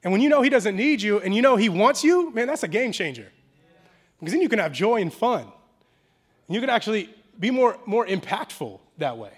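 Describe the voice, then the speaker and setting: A male pastor delivers a sermon in a casual, slangy, conversational style, moving between quiet intimacy and loud animation. His voice is high and husky, at a moderate pace.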